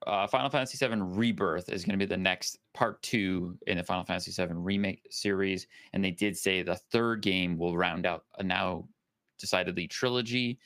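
Male podcast host, very low voice, dry close sound, teasing and jokey. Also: fairly quick, fairly bright tone, no room sound. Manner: teasing, laughs often, recaps news. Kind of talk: casual podcast chat.

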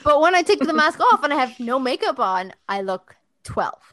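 A woman's voice: high-pitched, big pitch swings, moderate pace, fairly bright tone, no room sound. Sex: woman. Role: podcast co-host and actor. Style: casual chat, talking freely, swearing casually and laughing between points, her voice recorded close and dry.

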